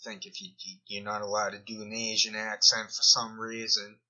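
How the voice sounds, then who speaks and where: A man's voice: lowish voice, monotone, moderate pace, sharp tone. A man giving rambling commentary over a screen recording, often trailing off mid-thought, captured in a dull lo-fi recording. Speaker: video commentator.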